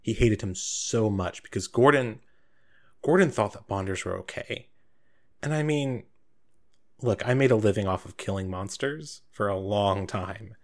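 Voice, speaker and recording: A man's voice: lowish voice, unhurried. A man voicing a wary, flirtatious woman who used to hunt monsters, speaking in a nervous, confiding way in a tabletop game.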